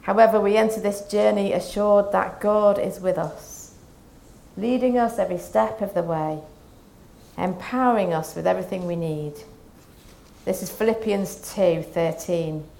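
Her mid-range voice has a creaky quality as this woman preaches for Lent, reading from scripture and offering calm, measured reflection.

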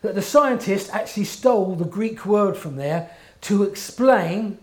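A man's voice: high-pitched, animated, unhurried, a little mellow. A man preaching a sermon in an earnest, emphatic way, often checking in with his listeners.

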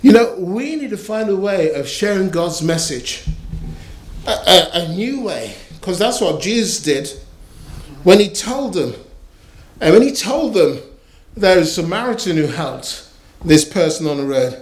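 A man delivers a sermon at an unhurried pace, building his points through stories and repetition. His voice sits a little high. The recording carries a roomy echo. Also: sing-song. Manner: storytelling, repeats key phrases for emphasis. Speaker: preacher. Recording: echoey room.

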